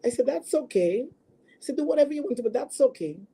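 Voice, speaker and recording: A woman with a very dark, mellow voice and a husky edge tells her own story in an interview. She talks earnestly and haltingly, circling back and repeating words as she goes. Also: high-pitched, expressive. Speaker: guest sharing a personal story. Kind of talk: emotional personal testimony.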